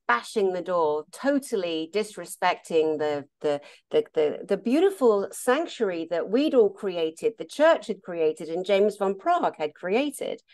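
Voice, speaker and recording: A woman therapist telling stories in a casual conversation, animated and laughing often. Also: on the low side. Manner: animated, laughs often, acts out quoted voices. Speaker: therapist and meditation teacher.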